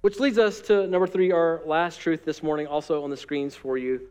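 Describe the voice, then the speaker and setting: High-voiced animated male pastor. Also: moderate pace, clear, resonant tone. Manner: animated, acts out quoted voices. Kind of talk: sermon. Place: church room with live audience.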